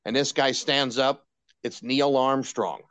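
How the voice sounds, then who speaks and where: An older man, a veteran radio personality, tells candid stories in an interview. His mid-range voice is smooth and a little slow, with no echo. His anecdotes are animated, full of restarts and acted-out quoted dialogue.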